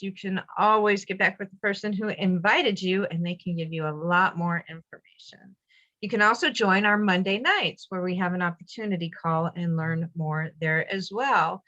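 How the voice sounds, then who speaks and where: A woman's voice: mid-range voice, fairly bright tone, lo-fi sound. A woman describing a wine club in a casual, upbeat way with filler ums on a video call.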